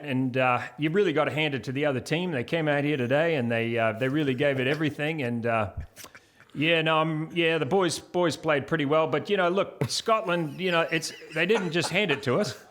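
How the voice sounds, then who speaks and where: A man's voice: on the high side, a bit bright. A man with a New Zealand accent voicing a laconic, modest male rugby player who shrugs off a huge win. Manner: shrugging, understated, halting.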